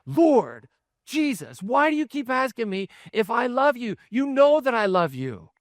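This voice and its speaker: A man's voice: sits high, wildly swooping pitch, normal speed, creaky, no room sound, studio quality, voice pushed up, heavily acted. A man preaching a sermon, voicing Peter as a brash, impulsive fisherman who blusters. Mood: frustrated.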